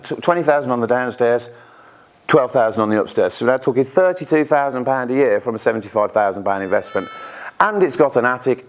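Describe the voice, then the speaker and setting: A British man talks to a room of investors in a loose, chatty way, tossing in asides and little acted-out quotes. His voice sits at a middling pitch for a man. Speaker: speaker at an investor networking event. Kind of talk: informal presentation with anecdotes.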